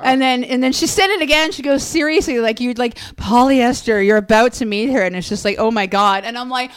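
A woman in her forties telling a story with excited, animated energy in casual chat. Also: on the high side, fairly quick, clear, resonant tone.

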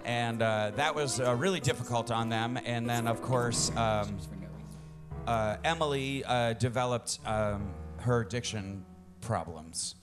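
A man narrating an improvised mock story, halting and full of fillers. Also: mid-range voice, over music.

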